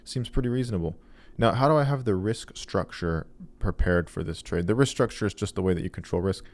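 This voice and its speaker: A man's voice: deep voice, animated, a little fast. An American man with a General American accent, talking casually and plainly as he walks viewers through his own trades on screen, self-deprecating and full of casual fillers. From United States. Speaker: trader and video host. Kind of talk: casual screen-share walkthrough.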